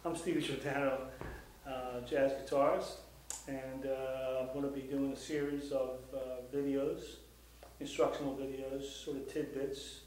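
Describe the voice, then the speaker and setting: A man teaching jazz guitar rhythm, explaining calmly with fillers and scatting the beats aloud. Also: medium pitch, measured pace, slight background noise. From United States. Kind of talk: instructional guitar lesson. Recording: echoey room, mic at a distance, guitar playing.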